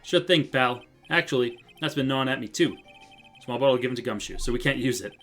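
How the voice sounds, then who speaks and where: A man's voice: medium pitch, fairly quick, a bit bright, faint music behind, lightly acted. A man reading an eager friendly detective.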